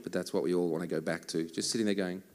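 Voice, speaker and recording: A man with a somewhat low voice talks casually from the stage between worship songs. He tells stories in a joking, self-mocking way and keeps the banter loose. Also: steady tone, fast, a little mellow, a little hiss or hum. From Australia. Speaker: worship musician and songwriter. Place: church service.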